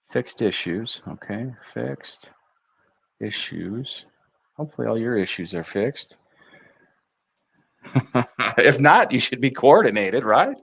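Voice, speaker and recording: An American man teaching English pronunciation on a livestream, drawing out syllables slowly and thinking aloud as he writes. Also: medium pitch, gravelly, fairly bright tone, breathy edge, dry recording. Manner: slow, drawn-out enunciation of syllables; chatty, thinks aloud while writing. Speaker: English tutor.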